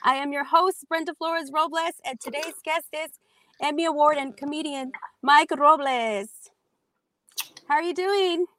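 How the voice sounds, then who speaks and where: Upbeat female interview host with a high voice. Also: unhurried, fairly bright tone, a little hiss or hum. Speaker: podcast host. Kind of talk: interview hosting.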